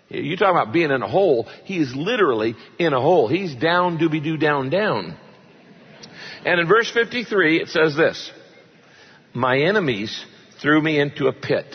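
A man's voice: fairly high pitch, slightly rough. A man preaching a sermon, joking with the congregation and reading scripture with dramatic emphasis. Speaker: pastor. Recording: long hall reverb, dull lo-fi sound.

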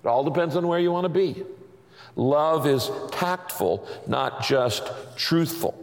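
A man's voice: a little high, measured pace. A middle-aged man preaching a sermon as a pastor, emphatic and repeating his catchphrases for the congregation. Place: large church sanctuary. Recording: long reverb of a large hall.

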